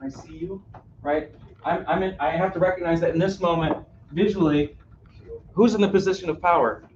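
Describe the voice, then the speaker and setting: This man talks briskly in a high, steady, darkish voice, with slight noise behind him. His talk is a live, interactive caregiving workshop given to a cruise ship audience, full of questions to the room and frequent "right?"s. Sound quality is roomy, dull and far off.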